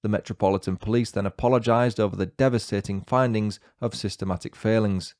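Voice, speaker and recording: A man with a northern English accent hosting a podcast, narrating in a measured, scripted way with dry, wry asides. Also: on the low side, steady tone, darkish tone, dry recording. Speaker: podcast host. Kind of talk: scripted true-crime narration.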